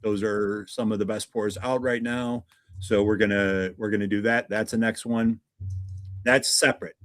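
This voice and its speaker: Low-voiced man hosting a casual livestream. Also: level tone, moderate pace, dry recording. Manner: chatty, greets viewers one by one. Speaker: livestream host.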